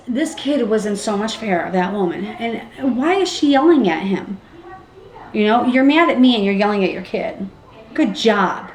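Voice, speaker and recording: A young pregnant woman tells stories casually in a vlog at normal speed, animated and acting out what people said with big jumps in pitch. The room is echoey, with a faint background hum.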